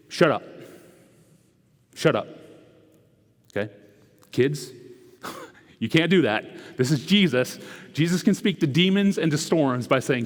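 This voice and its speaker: Conversational preacher with a big hall echo. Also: male voice, fairly high pitch. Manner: conversational, with rhetorical "right?" asides; swings from loud and quick to hushed and slow. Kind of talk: sermon. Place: church sanctuary. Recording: echoey church hall.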